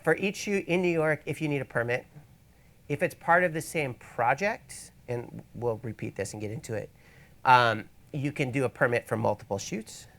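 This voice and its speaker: Male workshop presenter, gravelly mid-range voice, relaxed teaching tone with wry rambling asides. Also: mid-range voice, moderate pace. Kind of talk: casual instructional talk. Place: event space, in front of an audience.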